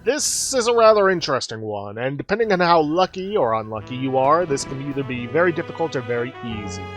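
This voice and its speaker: A man's voice: medium pitch, expressive, brisk, fairly bright tone, faint music behind. A man hosting a let's play, explaining the game step by step as he plays. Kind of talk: casual game commentary.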